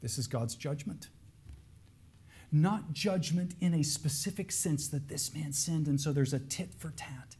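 A man preaching a sermon, earnest, dropping to hushed lines and then rising into raised, pleading emphasis. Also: on the high side, measured pace, breathy edge.

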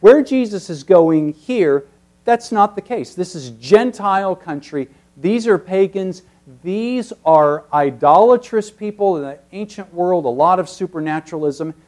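A man with a fairly high voice delivering an expository sermon. He explains the text like a teacher. His volume swings from forceful, emphatic peaks down to hushed, almost whispered stretches. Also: lively intonation, unhurried. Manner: teacherly, rising to emphatic peaks then dropping very soft. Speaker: preacher.

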